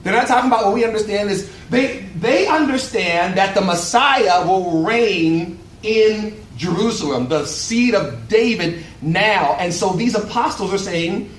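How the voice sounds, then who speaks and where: A man preaching a sermon at a luncheon, with animated, rhetorical call-and-response delivery. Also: high-pitched, measured pace, hardly any pauses, slight background noise. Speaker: pastor. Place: event hall. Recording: echoey room, voice from far off.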